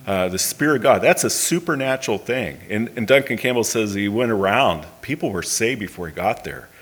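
A man with a fairly low voice preaches earnestly, retelling a story and then praying. He stops and restarts often, with fillers. When he quotes people, his voice drops soft and quiet. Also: expressive, fairly quick, slightly rough. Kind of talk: sermon with storytelling and closing prayer.

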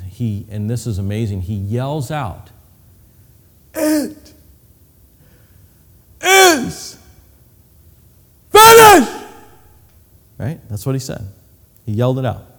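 Preacher in a reverberant hall. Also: male voice, medium pitch, warm tone. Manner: vivid, acts out cries and whispers, medical detail. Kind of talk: sermon with slides.

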